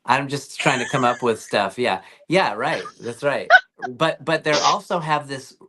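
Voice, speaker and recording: A man's voice: medium pitch, expressive, a little slow, background noise. A man talking as a guest actor in a casual interview, telling rambling stories with lots of fillers and restarts over a video call.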